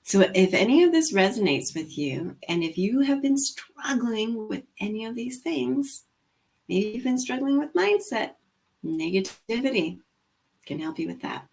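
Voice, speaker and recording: A middle-aged woman hosting a show, casually retelling a story with lively quoted dialogue. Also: on the high side, unhurried. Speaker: host and sales coach.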